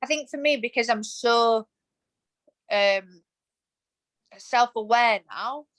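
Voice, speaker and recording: A woman's voice: a little high, takes it slowly, a bit bright, poor audio. Passionate, emphatic woman in her thirties. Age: 30s. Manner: emphatic and passionate, acts out quoted thoughts. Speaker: podcast guest. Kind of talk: casual interview chat.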